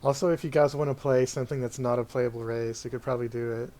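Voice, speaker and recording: A man's voice: mid-range voice, fairly even intonation, fast talker, warm tone. A man running a tabletop game, chatting casually with his players over a voice call and laughing often. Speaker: dungeon master. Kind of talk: casual chat planning a tabletop campaign. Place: voice chat call.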